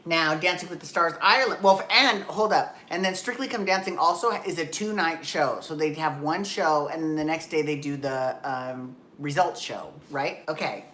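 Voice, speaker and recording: A woman's voice: low-pitched, normal speed, hardly any pauses, a bit bright, roomy sound. A woman vlogging casually from home, rambling, correcting herself and swearing now and then. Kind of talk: casual chatty vlog. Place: home, just out of the shower.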